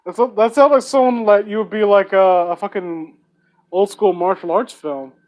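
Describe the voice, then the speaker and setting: A man's voice: sits high, normal speed, rough recording. A young man reading fan fiction aloud for laughs, with sarcastic, profane asides. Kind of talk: comedic dramatic reading with commentary.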